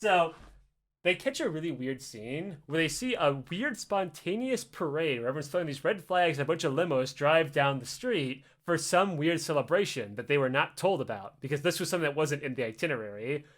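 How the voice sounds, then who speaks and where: A man hosting a podcast, telling a story in an animated, casual way, swearing a lot and acting out the people in it. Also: on the high side, fairly quick. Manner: animated, heavy swearing, acts out voices. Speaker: podcast host.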